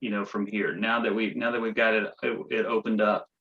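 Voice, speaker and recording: A man hosting an interview asks his questions in a lowish, hesitant voice. He fills his pauses with ums and restarts. The audio sounds dull and lo-fi. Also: level tone. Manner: hesitant, many fillers and restarts. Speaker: chiropractor host. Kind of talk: interview conversation.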